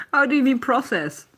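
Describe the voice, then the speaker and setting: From her home, a Dutch-accented woman from the Netherlands chats casually on her live stream, reading comments aloud and laughing often. Her voice sits high and sounds a bit bright.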